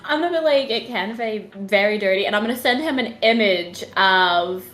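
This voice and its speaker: A woman's voice: mid-range voice, expressive, moderate pace, fairly bright tone, reverberant. A woman playing a tabletop game, giggling and mischievous as she describes her character's actions. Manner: giggly, mischievous, laughs through her lines. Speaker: player.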